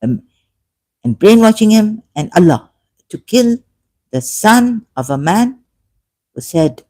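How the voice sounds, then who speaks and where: A man giving an emotional solo commentary, swinging between loud outbursts and quiet asides. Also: high voice, very animated, takes it slowly, long pauses, dry recording. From Shia Muslim background. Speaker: ex-Muslim commentator.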